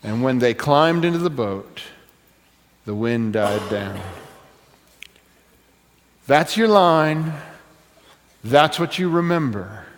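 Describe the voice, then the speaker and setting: A man's voice: medium pitch, lively intonation, takes it slowly, pauses often, long reverb tail, slight background noise. A male pastor preaching a sermon, telling a story and leading the congregation to repeat a line. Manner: storytelling, leads the congregation in call-and-response.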